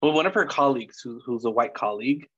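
Guest professor, man, mid pitch, reflective and earnest, dull lo-fi remote audio. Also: animated, fast, slightly rough. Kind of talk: casual conversation.

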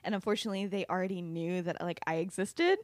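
A woman voicing a stubborn, sharp-tongued teenage girl who lists her grievances bluntly. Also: fairly low pitch, fast, no echo, close to an everyday voice. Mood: resentful.

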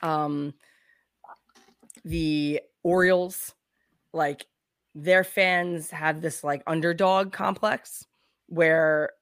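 A woman's voice: low-pitched, steady tone, extremely slow, pauses often, fairly bright tone, no room sound, studio quality. A young woman who is a guest on a casual podcast. She talks bluntly, gives strong opinions and swears.

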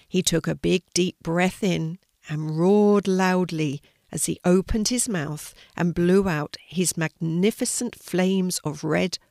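Slow older woman reading a story. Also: fairly low pitch, creaky, a little mellow, dry recording, studio quality.

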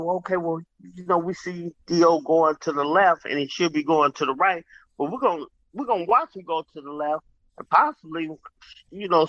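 Man, casual group chat, emphatic, bright forceful voice, slightly higher pitch, dry muffled sound. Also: dry recording. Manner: emphatic, repeats words, swears casually.

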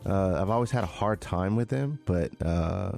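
Brief: male podcast co-host, low register, easygoing and slangy delivery, faint music bed underneath. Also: animated, moderate pace, vocal fry, dark tone. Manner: laid-back, slangy, trails off and restarts. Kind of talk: casual chat.

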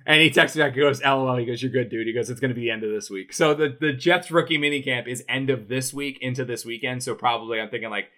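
A man's voice: medium pitch, quick pace, few pauses, sharp tone. A young man telling a rambling story in casual podcast chat as a sports reporter, full of fillers and restarts. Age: young adult.

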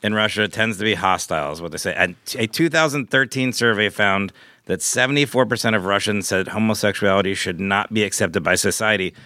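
A man's voice: fairly low pitch, brisk, sharp tone, no echo, studio quality. A man co-hosting a podcast, talking in a casual, wry and sarcastic way and laughing often. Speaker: podcast co-host. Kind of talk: casual chat.

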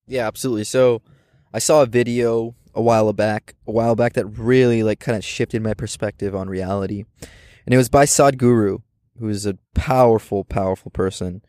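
A man's voice: on the low side, fairly even intonation, brisk, dark tone, no room sound, studio quality. A man as a podcast guest, earnestly telling a story in casual chat outdoors and often repeating words as he thinks. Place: outdoors on campus steps.

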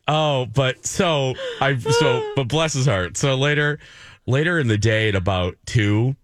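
A man's voice: mid-range voice, moderate pace, a bit bright. A man hosting a radio show, chatting casually in a rambling, self-mocking way with many restarts. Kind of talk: casual morning-show chat.

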